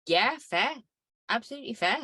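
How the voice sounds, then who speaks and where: Casual podcast co-host, woman, bright high-ish voice, blunt and sweary. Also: animated, normal speed, breathy edge, dry recording. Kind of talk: casual chat.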